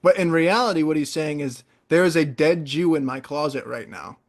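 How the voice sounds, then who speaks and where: A young man in casual podcast chat, an animated storyteller who wanders into tangents. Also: on the high side, moderate pace. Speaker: podcast co-host.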